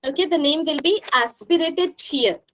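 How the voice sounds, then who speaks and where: A woman's voice: sits high, normal speed, fairly bright tone, rough recording. A woman teaching a language class over a video call, drilling sounds patiently and checking in often. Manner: patient, repetitive drilling, frequent "right?" checks. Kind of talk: live online class.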